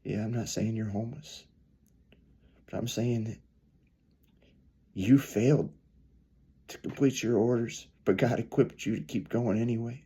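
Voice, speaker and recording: A man preaching a storytelling sermon, earnest, swelling louder then dropping soft. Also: medium pitch, fairly even intonation, a little slow, pauses often, slightly rough.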